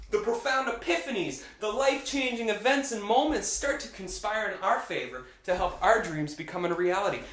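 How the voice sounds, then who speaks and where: A man talking in an enthusiastic, upbeat, animated way in a casual motivational vlog. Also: high-pitched, roomy sound, a little hiss or hum. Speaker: vlogger.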